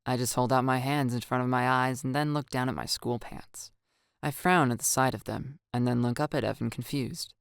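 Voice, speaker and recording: A man narrating a first-person story in a calm, even storytelling manner. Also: medium pitch, normal speed, vocal fry, clean tone, no echo, clean studio sound. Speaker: audiobook narrator.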